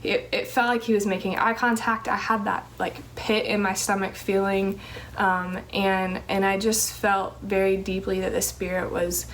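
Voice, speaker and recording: A woman's voice: mid-range voice, little pitch movement, moderate pace, a bit bright, slight background noise, low-quality recording. A young woman telling an earnest personal testimony about her calling, with many fillers and restarts. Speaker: teacher sharing a ministry calling testimony.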